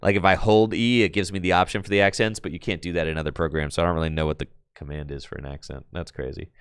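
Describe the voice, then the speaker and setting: A man streaming a card game on his computer, chatting casually and excitably with his viewers in slang, with bursts of laughter. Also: sits low, quick pace, clear, resonant tone, dry recording, clean studio sound. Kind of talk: casual live-stream chat while playing a card game.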